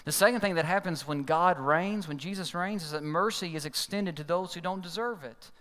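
A man's voice: a little fast, a bit bright. A man preaching a sermon as pastor, telling a story and acting out the people in it with sudden changes of voice. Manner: storytelling, acts out quoted voices with big pitch jumps. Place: large church hall. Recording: long hall reverb.

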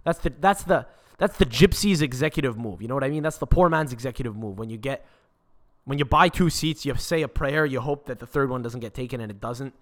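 Young podcast host, mid-pitched, loose profane rant with lots of restarts. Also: male voice, fairly quick. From Quebec, Canada. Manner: swears constantly, rambling restarts.

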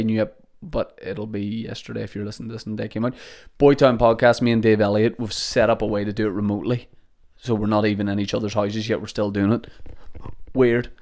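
Young guy doing a solo podcast, jokey and sweary, kinda low voice. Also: darkish tone. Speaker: podcast host. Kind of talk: casual comedic monologue. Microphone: podcast microphone.

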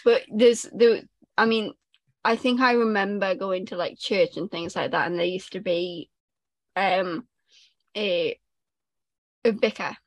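A woman's voice: mid-range voice, fairly even intonation, a little slow, long pauses, no room sound. A young woman co-hosting a podcast, her mid-range voice recorded dry and close. She chats casually and candidly, laughing easily as she talks. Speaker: podcast co-host. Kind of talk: casual chat.

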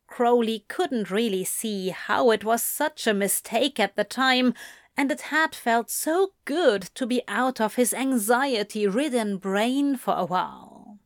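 A woman narrates a story slowly and evenly, her voice pitched a little high. The recording is dry and close, with no room around it. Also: animated, dry recording. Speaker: audiobook reader. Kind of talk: scripted narration of fan fiction.

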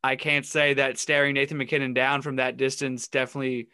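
A man's voice: medium pitch, flat delivery, brisk, pushed and bright, clean tone, dry recording. A man co-hosting a casual sports podcast, recounting funny stories and laughing often. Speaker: podcast co-host.

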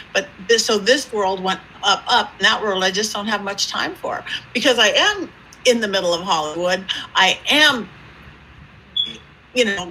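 Bright, animated woman storyteller. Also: a little hiss or hum, rough recording. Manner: lively, acts out quoted voices with big pitch jumps. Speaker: psychic medium guest.

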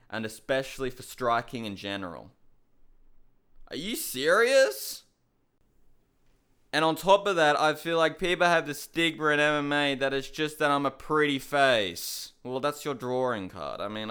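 A man's voice: medium pitch, fairly bright tone, clear, resonant tone. A young man giving a heated, incredulous rant on fighting news, swearing often. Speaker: MMA commentator. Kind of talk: ranting commentary to camera.

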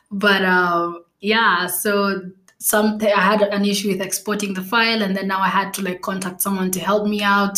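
A woman's voice: mid-range voice, a bit bright, roomy sound. A young woman from Kenya, hosting her own podcast in a casual, chatty way with frequent fillers and little laughs. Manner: chatty and self-laughing, many fillers and restarts. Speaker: podcast host. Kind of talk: casual solo podcast chat.

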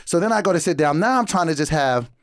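A young man recounts a run-in on a casual podcast, animated and full of acted-out dialogue. His voice sits a little high and jumps around a lot. The sound is dry with no room around it. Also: quick pace, dry recording. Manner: animated, acts out quotes, frequent laughter. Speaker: podcast co-host. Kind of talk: casual storytelling chat.

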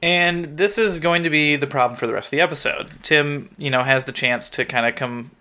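A man's voice: fairly high pitch, fairly quick, sharp tone. A man co-hosting a podcast, casually retelling a TV episode's plot step by step with light laughter. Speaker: podcast co-host.

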